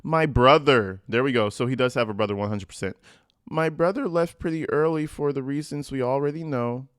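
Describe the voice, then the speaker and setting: A man's voice: medium pitch, a little fast, clean tone. A man hosting a reaction channel, reading letters aloud and breaking in with blunt, profane, mocking commentary.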